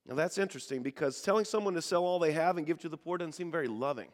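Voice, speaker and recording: A man's voice: a little high, very fast, few pauses, in a large hall. A male pastor preaching a sermon, telling stories, acting out the people he quotes and calling on the congregation to respond. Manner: storytelling, acts out the people he quotes.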